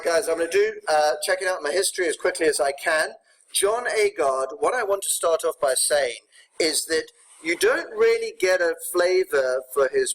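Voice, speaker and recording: Brief: man, teacher's voice, fairly high, brisk and explanatory, checking in with students. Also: a bit bright, slight background noise, poor audio. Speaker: English teacher. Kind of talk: recorded poetry lesson.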